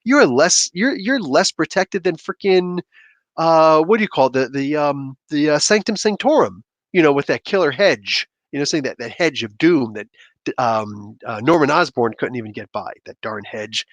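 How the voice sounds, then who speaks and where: A man hosting a comic book review show, talking in a loose, animated and rambling way with sudden outbursts. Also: a little high, moderate pace, dry recording. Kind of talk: casual commentary.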